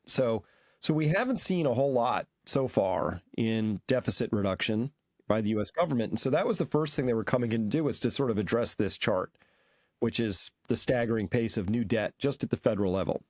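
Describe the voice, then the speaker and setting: A man walks through charts and market figures in an analytical, conversational way. His voice is at a middle pitch and the recording is dry and close, with no room echo. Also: expressive, brisk.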